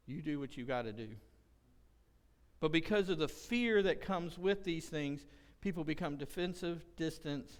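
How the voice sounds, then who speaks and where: A male pastor delivers an impassioned sermon in a church, his high voice rising loud whenever he acts out a quote. His tone is smooth and resonant. The sound carries a long hall reverb around him. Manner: impassioned preaching, rising loud when quoting. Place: church sanctuary.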